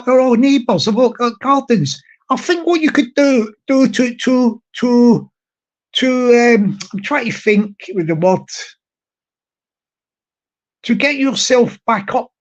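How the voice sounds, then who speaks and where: A man hosting a casual chat to his viewers, rambling, repeating words and hunting for the right ones, with frequent chuckles. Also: very high-pitched. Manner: chuckles often, jokingly mimics shouted lines. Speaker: YouTube channel host. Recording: dull lo-fi audio.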